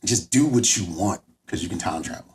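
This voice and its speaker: A man co-hosting a podcast, riffing in a laid-back, deadpan way. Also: deep voice, brisk, a little hiss or hum. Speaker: podcast co-host. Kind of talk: casual comedic podcast banter.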